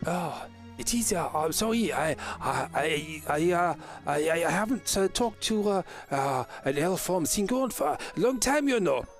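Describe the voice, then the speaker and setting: Casting note: man playing a stuttering elf lady, flustered, higher-set voice, soft music behind. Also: expressive, slow pace, full character voice. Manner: stammering, flustered, many fillers. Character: stammering archaic elf woman with odd accent.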